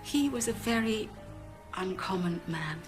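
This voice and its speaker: Actress as a composed journalist, measured, wistful, TV drama, music under. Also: female voice, mid-range voice, lively intonation, lightly acted. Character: curious, composed female journalist. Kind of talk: TV drama acting.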